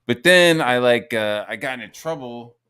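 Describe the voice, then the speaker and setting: A man's voice: measured pace, smooth. Brash man in profane banter. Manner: animated, profane, swings into high quoted voices. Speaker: podcast host. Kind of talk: casual profane chat.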